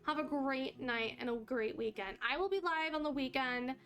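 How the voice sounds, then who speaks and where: A woman streaming a life-simulation game live, chatting with her viewers and reacting excitedly to the game. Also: sits high, normal speed, faint music behind. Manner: chatty, excitable, talks to chat while playing.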